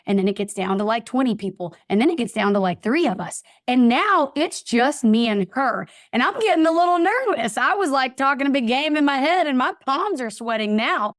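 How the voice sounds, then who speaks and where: A woman's voice: sits high, no room sound, studio quality. A woman guest telling a personal story in a casual interview, acting out the voices of people in it. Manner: animated, acts out voices in her anecdotes. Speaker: podcast guest.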